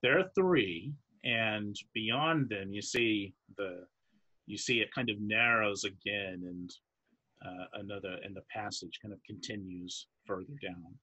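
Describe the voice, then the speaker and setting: A man running a tabletop game as dungeon master, describing scenes haltingly with many pauses and restarts. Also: on the low side, sharp tone, breathy edge, no echo. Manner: halting, searching for words while describing.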